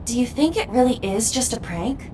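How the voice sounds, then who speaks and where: A woman's voice: fairly high pitch, normal speed, noisy background, close to an everyday voice. An actress voicing a perky, playful female AI partner in a detective game. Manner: playful, flustered, excitable.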